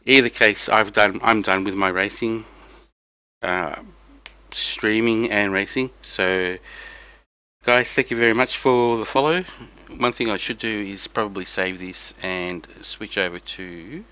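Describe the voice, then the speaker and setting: A man's voice: lowish voice, steady tone, a little slow, sharp tone, clean tone, dry recording, poor audio. A tired young man chatting casually to viewers on a live stream, rambling about his race. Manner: rambling, talks to chat viewers. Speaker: sim racing streamer.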